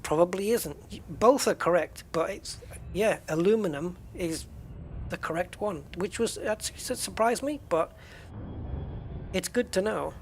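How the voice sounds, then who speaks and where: A man in his fifties from the UK, speaking with a British accent. He rambles in a relaxed, joking way while streaming a space game, and his voice sits a touch higher than most men's. A faint hum runs underneath. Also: unhurried. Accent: British English. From United Kingdom. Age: 50s. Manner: rambling, chatty, jokey asides. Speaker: gaming streamer. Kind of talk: casual chat while playing a space game.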